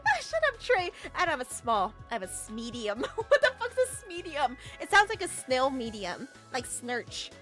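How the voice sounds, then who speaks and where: A young woman streamer talks to her chat in a loose, teasing way, often dissolving into laughter. Her voice is high and bright and leaps all over the place. Faint music plays behind her. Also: very animated, normal speed, hardly any pauses. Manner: giggly, teasing, bursts into loud laughter. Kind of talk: casual livestream chat.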